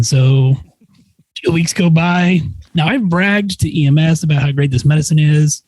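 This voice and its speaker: A man with a fairly high, husky voice tells a story in a relaxed, chatty way, slipping into the voices of the people he quotes. His sound is dry and close, with no room around it. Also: normal speed, dry recording, rough recording. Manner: animated, acts out quoted voices. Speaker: nurse practitioner guest. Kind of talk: casual storytelling.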